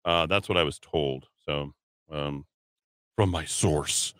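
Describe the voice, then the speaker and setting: A man's voice: very deep voice, slow, a bit bright, no echo, clean studio sound. A man hosting political talk radio, speaking in a sarcastic, mocking way. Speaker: radio talk show host.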